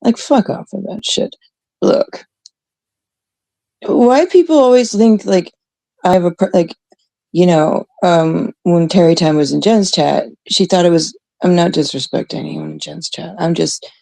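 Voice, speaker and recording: A Canadian woman hosting a livestream chats casually with viewers, ranting bluntly and animatedly with lots of swearing. Her voice is fairly low, gravelly, and unhurried, and the recording has no echo.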